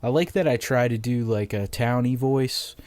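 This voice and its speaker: A man's voice: mid-range voice, normal speed, darkish tone, no echo. A young man with a Massachusetts accent hosting a casual solo podcast, ranting bluntly with lots of swearing. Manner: profane, rambling, blunt. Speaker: podcast host.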